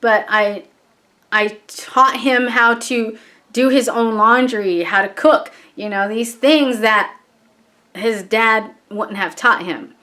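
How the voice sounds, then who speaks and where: A woman's voice: a little high, slow pace, sharp tone. A middle-aged woman vlogging, telling a personal story in a chatty, heartfelt and candid way.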